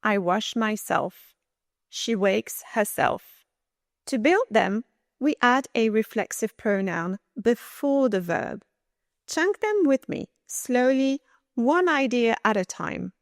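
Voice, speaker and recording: A woman teaching a language lesson in an upbeat, coaching tone, speaking slowly and clearly. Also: medium pitch, animated, no room sound, clean studio sound. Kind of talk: scripted lesson narration.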